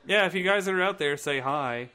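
A man's voice: on the high side, moderate pace, pushed and bright, clear, resonant tone. A man hosting a podcast at his own house party, chatting casually, swearing a lot and laughing. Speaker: podcast host. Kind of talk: casual chat.

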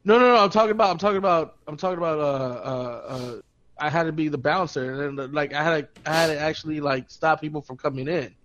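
A man's voice: fairly high pitch, fast talker, slight background noise. A young man on a podcast, telling a party story with lots of swearing, laughter and acted-out quotes. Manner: profane, laughing, animated retelling with quoted voices. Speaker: podcast co-host. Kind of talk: casual storytelling chat. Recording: dull lo-fi podcast audio.

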